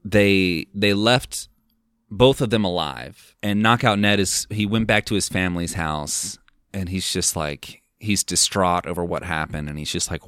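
A man's voice: sits low, moderate pace, fairly bright tone, clean tone, no room sound, clean studio sound. A man hosting a film podcast, recounting a movie plot in a rambling, casual way full of fillers. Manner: rambling, filler-heavy retelling. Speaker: podcast host.

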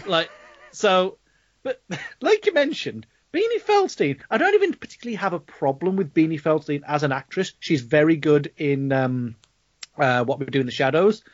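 A fairly high-voiced man with a Black Country accent rants about a film he disliked, swearing freely and laughing as he goes. The audio is dry and a little dull. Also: animated, normal speed, no room sound. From Black Country, England. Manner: sweary, ranting, laughing often. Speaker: podcast co-host. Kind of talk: casual film review chat.

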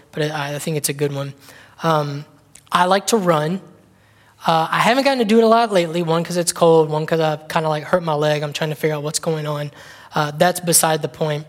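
A man's voice: fairly high pitch, fairly quick. A man preaching a casual, conversational sermon, rambling a little and acting out small scenes as he tells a story. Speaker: pastor. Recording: long reverb of a large hall.

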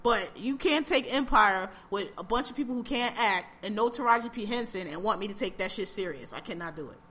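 A woman co-hosting a podcast, bluntly ranting in casual chat about a TV show, repeating herself and getting animated. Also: medium pitch, brisk, slight background noise. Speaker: podcast co-host.

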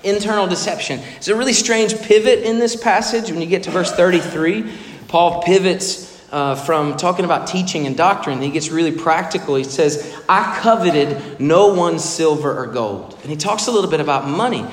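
A man preaching a sermon, expressive and emphatic, now and then acting out the voices in the stories he tells. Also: on the high side, moderate pace. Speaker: pastor. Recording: echoey hall reverb.

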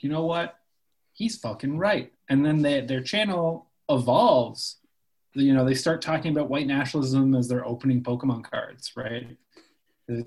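A man's voice: medium pitch, darkish tone, breathy edge, low-quality recording. Casual man from Canada. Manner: loose, swears freely, lots of "like" and "sort of". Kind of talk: casual podcast chat.

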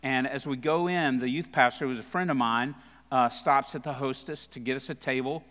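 A man's voice: mid-range voice, fairly quick, a bit bright, in a large hall. A man giving a guest sermon at a live church service, telling funny, self-deprecating stories in a conversational way. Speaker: guest speaker. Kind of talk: humorous storytelling sermon.

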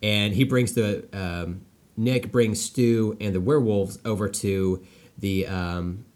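A man's voice: on the low side, takes it slowly, darkish tone. A man chatting casually about a movie, rambling with lots of fillers and restarts and laughing often.

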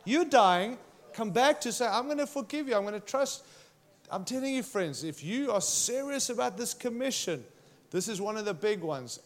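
Pastor, male, preaching an emphatic, passionate sermon in a slightly higher voice. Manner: impassioned, emphatic preaching with direct challenges to listeners.

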